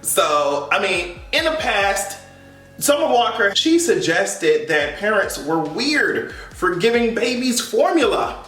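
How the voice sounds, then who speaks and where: A man giving sassy, animated pop culture commentary, swearing freely and laughing often. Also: high voice, slow pace, faint music behind. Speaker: vlogger. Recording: echoey room, mic at a distance.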